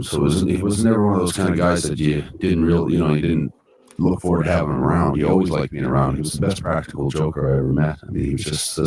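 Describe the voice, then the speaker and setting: A man's voice: extremely low pitch, slightly rough, rough recording. A man from Western Canada, a former wrestler, answering interview questions in an archival clip and reminiscing with plenty of fillers. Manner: fast, warm reminiscing with fillers.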